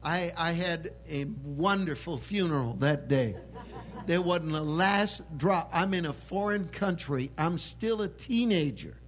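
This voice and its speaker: A man preaching a sermon with emphatic delivery that swells into loud proclamation. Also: a little high, measured pace.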